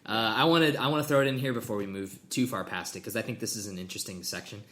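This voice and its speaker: A man's voice: fairly low pitch, fast, fairly bright tone. A man co-hosting a podcast, chatting enthusiastically about a film and dropping trivia, with casual swearing. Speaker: podcast co-host. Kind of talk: casual movie review chat.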